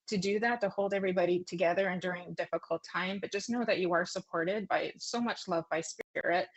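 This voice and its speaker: Gentle, rambling woman giving a psychic reading. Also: on the low side. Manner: rambling and apologetic, many fillers and restarts; gentle, consoling, emotional. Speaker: psychic medium. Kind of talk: live online psychic reading.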